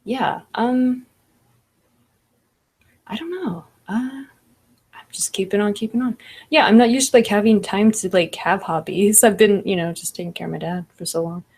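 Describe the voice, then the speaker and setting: Gravelly-voiced woman reading out chat on her livestream, laughs a lot, says like a ton. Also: medium pitch, moderate pace, a little mellow. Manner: laughs often, fillers like "like" and "I don't know". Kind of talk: casual chat.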